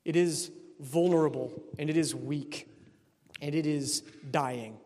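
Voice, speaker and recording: A man's voice: a little high, fairly even intonation, unhurried, a little mellow. A man from Texas, preaching a sermon as a priest in a conversational way with wry asides. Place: church. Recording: long church reverb.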